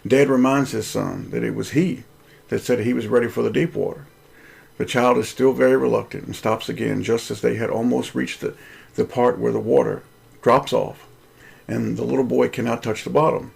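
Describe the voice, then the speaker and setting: Gravelly husky male host, earnest preacher-style reading of his own story. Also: medium pitch, steady tone, moderate pace, a little mellow. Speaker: Christian video host.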